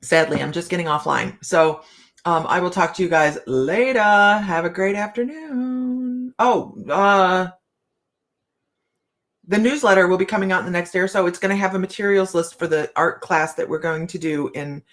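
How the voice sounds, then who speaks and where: Speaking at a normal pace, this middle-aged woman has a fairly low, slightly bright voice. She's a livestream host doing tarot readings in a casual chat, calling out viewers by name and laughing frequently.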